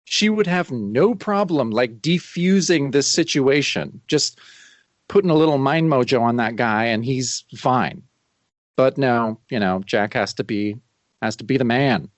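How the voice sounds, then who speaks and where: Relaxed male podcast co-host. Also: medium pitch, unhurried, no room sound. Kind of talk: casual chat.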